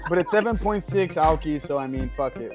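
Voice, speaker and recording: A man's voice: a little high, animated, fairly quick, music in the background. A man co-hosting a casual podcast, laid-back and blunt. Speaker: podcast co-host. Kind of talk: casual chat.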